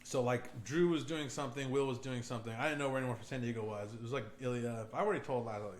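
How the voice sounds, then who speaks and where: Speaking fast in a mid-range voice, a young male podcast host tells a story casually, cursing freely and acting out people's quotes with animation. Faint background noise and a roomy echo color the recording.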